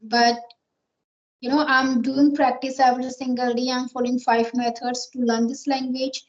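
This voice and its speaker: A woman's voice: high-pitched, level tone, moderate pace. A woman with an Indian accent, an English learner earnestly explaining her daily practice in a casual conversation. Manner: earnest, explains at length with many fillers. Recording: echoey, dull lo-fi sound.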